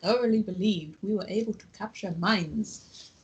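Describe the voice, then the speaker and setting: A woman's voice: mid-range voice, highs cut off, slight background noise, close to an everyday voice. A woman reading as a remorseful German activist. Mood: earnest. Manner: reads aloud with a halting mock German accent.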